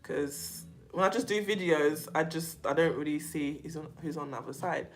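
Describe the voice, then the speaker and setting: A woman with a London accent hosting a casual livestream, chatting to viewers and reading their comments, outspoken and animated with frequent laughter and slang. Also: low voice, normal speed. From England. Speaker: YouTube livestream host.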